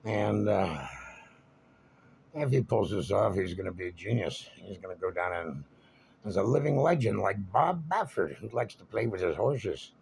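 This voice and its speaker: A man with a low, gravelly voice spins a casual story, wandering off on asides as he goes. His delivery is wry and chatty, with a faint hiss of noise underneath. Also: animated, moderate pace, a little mellow. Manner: wry, meandering, conversational. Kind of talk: casual spoken anecdote.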